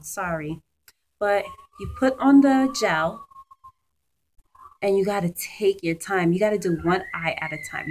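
Woman beauty vlogger, unhurried and chatty, gushes over products, light hiss behind. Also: mid-range voice, a little mellow, poor audio. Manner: chatty and gushing, with many fillers. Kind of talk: casual product review. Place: at home, children nearby.

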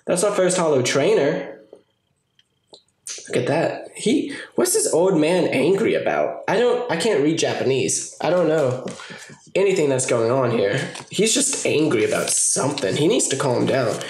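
A man's voice: on the high side, unhurried. A young man giving casual, joking commentary while opening card packs, swearing often. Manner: excitable, swears a lot, jokey asides. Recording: echoey room with faint noise.

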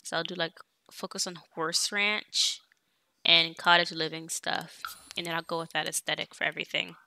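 A woman's voice: sits low, level tone, moderate pace, creaky, pushed and bright. A young woman casually commenting on her life-sim game as she plays, chatting to viewers and bossing her characters around. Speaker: let's play streamer.

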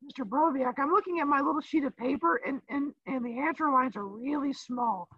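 A man putting on the voice of a whiny, sassy young student girl who pleads in a high tone. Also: brisk, sharp tone, dry recording, exaggerated voice. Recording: dull lo-fi dry sound.

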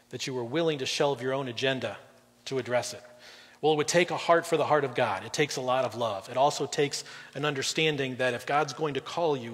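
A middle-aged man preaching a sermon as guest pastor, conversational, swinging between loud emphasis and quiet drops. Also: mid-range voice, breathy edge. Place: church auditorium. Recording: long reverb in a large hall.

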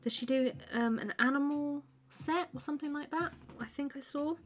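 A woman's voice: high voice, normal speed. Chatty woman on a live stream. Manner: chatty, laughs often, reads viewer comments aloud and answers them; rambling with many fillers like "like" and "um". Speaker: artist live-streaming a drawing. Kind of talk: casual live-stream chat.

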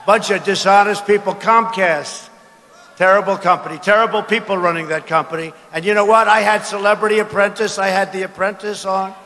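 Older man shouting mockingly in an arena. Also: high voice, fairly even intonation, a little fast. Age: 70s. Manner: boastful, mocking, bursts into shouting. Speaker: politician speaking at a rally. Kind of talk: political rally speech. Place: large arena with crowd. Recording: arena with long reverb.

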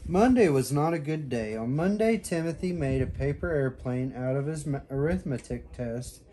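A father reading a children's bedtime story aloud, with an expressive, animated reading. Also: a little high, normal speed, a little hiss or hum.

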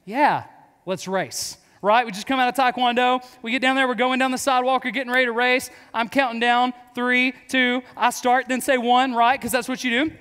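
A man in his thirties gives a youth sermon, telling jokes at his own expense and talking straight to the students. His voice sits very high. The reverb of a large hall trails after every line. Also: level tone, a little fast, few pauses, pushed and bright, smooth. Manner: casual, joking storyteller addressing students. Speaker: youth pastor. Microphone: clip-on mic.

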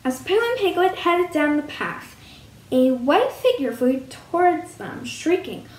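A woman reading a picture book aloud as storyteller, in a sing-song, animated way. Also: sits high, unhurried. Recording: roomy with faint hum.

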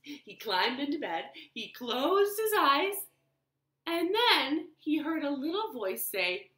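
A woman librarian telling a children's story at home in an expressive, animated way. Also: high voice, takes it slowly. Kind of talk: storytime read-aloud. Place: living room. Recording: roomy living room echo.

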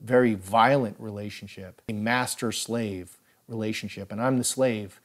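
A man with a somewhat low voice recounts his own story in a first-person monologue. He speaks solemnly and deliberately, pressing his points with repetition. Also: fairly even intonation.

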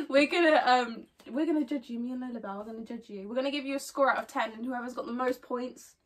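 Woman, high voice, casual vlog chat, filler-heavy, giggly, distant mic. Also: quick pace. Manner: chatty, lots of "like" fillers, giggly. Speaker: vlogger host. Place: home bedroom.

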